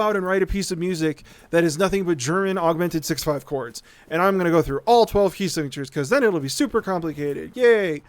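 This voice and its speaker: A man talks through a long, rambling rant while he plays, cursing easily and checking in with his listeners. His voice sits a little high and sounds clean and resonant. The room is dry and close. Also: fairly quick, hardly any pauses, no room sound. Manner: rambling, profane, keeps asking "right?". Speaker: streamer. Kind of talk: casual live-stream rant while gaming.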